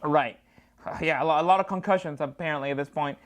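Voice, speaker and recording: A woman's voice: sits low, quick pace. A woman comedian telling a story as a guest, acting out both sides of the conversation with big jumps in her delivery. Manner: jumpy, acts out both sides of dialogue with big swings. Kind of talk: animated anecdote storytelling. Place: studio.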